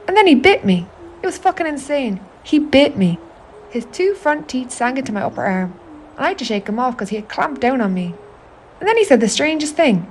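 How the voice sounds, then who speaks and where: Irish woman, fairly high voice, telling her strange dreams in an intimate, sweary monologue. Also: sing-song, a little fast, a little mellow, slight background noise. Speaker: narrator of an autofictional audio artwork. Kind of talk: confiding spoken-word monologue.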